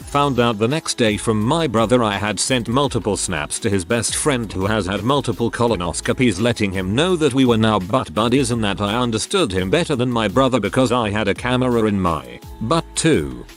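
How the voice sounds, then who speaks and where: A man with a fairly low voice reads internet stories aloud in a steady, even way. Soft music plays faintly behind him. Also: moderate pace, hardly any pauses. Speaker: narrator.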